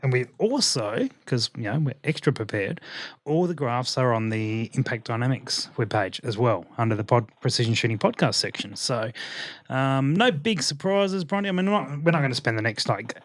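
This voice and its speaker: A man's voice: medium pitch, normal speed. A man co-hosting a podcast in casual, joking banter, often restarting his sentences. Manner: joking, self-mocking, stumbling restarts. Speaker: podcast co-host.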